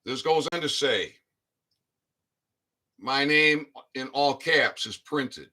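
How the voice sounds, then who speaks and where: A man explains his court filing to his followers in an informal vlog, his mid-range voice bright and forceful. He reads papers aloud, drags out key phrases for emphasis and keeps asking "all right?"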